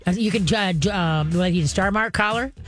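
A woman's voice: mid-range voice, brisk, soft background music. A woman who hosts a call-in advice show as a dog trainer, talking in a folksy, emphatic way and using playful sayings.

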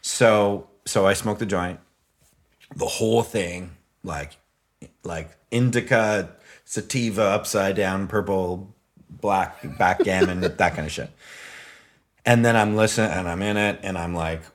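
Lively man telling stories, low voice. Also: measured pace. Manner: animated, swears freely, laughs while telling stories. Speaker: podcast guest, comedic musician. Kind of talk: casual storytelling chat.

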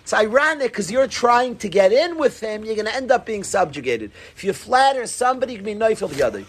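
A man teaching a Talmud class, telling the stories in an animated way and mixing in Hebrew and Aramaic terms. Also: high-pitched, quick pace, breathy edge.

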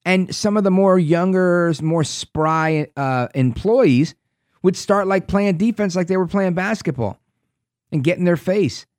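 A man's voice: high-pitched, unhurried, darkish tone, no echo, clean studio sound. A man hosting a talk radio show, reading news aloud with sarcastic asides.

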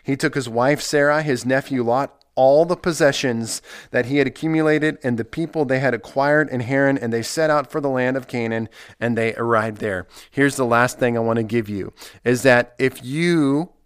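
A man's voice: mid-range voice, moderate pace, smooth, no echo, studio quality. A man preaching an earnest podcast sermon, emphatic, with many repeated phrases. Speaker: pastor.

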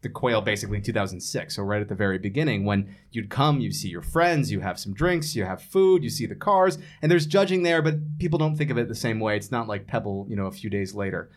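A man who is a criminal defense lawyer, a guest in a casual interview, explaining in a measured way with dry quips. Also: lowish voice, lively intonation.

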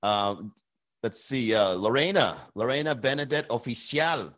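A man's voice: medium pitch, animated, unhurried, a bit bright. A man hosts a casual comedy podcast, riffing loosely and reading viewer messages aloud. His talk is jokey and full of swearing, with easy restarts and asides to the chat. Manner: loose, joking, reads chat comments aloud, swears freely. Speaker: podcast host. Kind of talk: casual live-stream chat.

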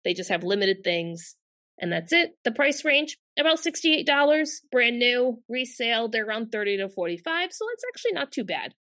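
A woman's voice: a little high, big pitch swings, normal speed, sharp tone. A young woman co-hosting a casual chat, talking in a loose, rambling way with fillers. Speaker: co-host.

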